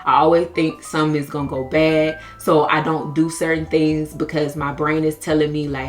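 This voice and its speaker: An earnest young American woman in her twenties speaks to camera in a lowish voice, open and confessional. Faint music plays underneath her talk. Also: level tone, moderate pace, few pauses. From United States. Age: 20s. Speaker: vlogger. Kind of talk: candid self-help talk to camera.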